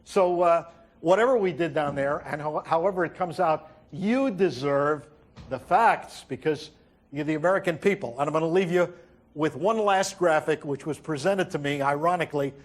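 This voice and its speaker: A man delivering a wry stand-up monologue as host, telling stories and acting out quotes with halting fillers. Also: on the high side. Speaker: comedian host. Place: TV studio with audience.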